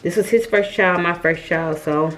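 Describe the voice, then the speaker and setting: A young woman telling a storytime vlog, chatty and lively, calling her viewers y'all. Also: on the low side, moderate pace, a little hiss or hum. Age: young adult. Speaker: vlogger.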